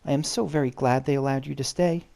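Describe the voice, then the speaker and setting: A man with a gruff voice reading a refined, sassy middle-aged noblewoman from a game, in a put-on refined tone. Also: medium pitch, steady tone, quick pace, warm tone, close to an everyday voice. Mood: gracious. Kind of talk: reading game dialogue aloud.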